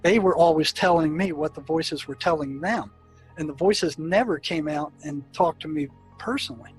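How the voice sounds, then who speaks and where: A man's voice: fairly high pitch, normal speed, soft background music, low-quality recording. An older man, a psychiatrist, telling stories from his work in an interview, with many fillers and restarts. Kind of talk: storytelling in an interview.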